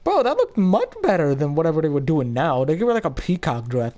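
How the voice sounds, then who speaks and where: A young man chatting excitedly as he comments on his own gameplay, laughing often. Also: fairly high pitch, brisk. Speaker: gaming YouTuber.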